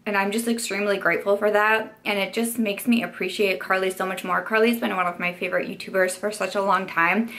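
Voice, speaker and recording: A woman's voice: mid-range voice, a bit bright. A young woman beauty YouTuber telling a chatty story-time vlog, full of "like" and "you know" fillers.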